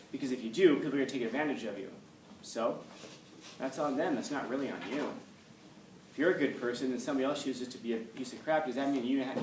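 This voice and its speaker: Man, teacher, classroom lecture, blunt, rhetorical questions, mid pitch, far from the mic, echoey room. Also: a little hiss or hum.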